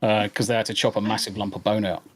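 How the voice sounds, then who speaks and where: A man's voice: on the low side, level tone, fast, crowd noise. A man hosting a casual, sweary group chat, repeating himself and laughing. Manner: loose, laughing, repeats words. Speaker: podcast host.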